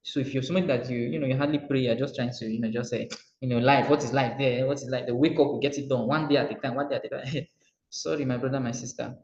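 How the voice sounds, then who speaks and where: A Nigerian man giving a motivational coaching talk, animated and repetitive, acting out little dialogues as he speaks. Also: medium pitch, fast talker. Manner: animated, acts out dialogue, repeats phrases. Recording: roomy muffled recording.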